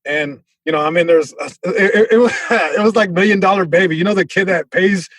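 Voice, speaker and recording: Male comic on a podcast, slightly high voice, acts out voices as he tells stories, dry mic. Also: a little fast, no room sound. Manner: animated, acts out voices, many restarts. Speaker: comedian guest. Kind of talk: casual storytelling chat.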